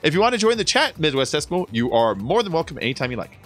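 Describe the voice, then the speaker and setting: A man's voice: a little high, sing-song, racing, fairly bright tone. A man streaming a video game, chatting casually with his guests, joking and swearing now and then. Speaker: streamer hosting a game session. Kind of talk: casual chat over gameplay. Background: game music.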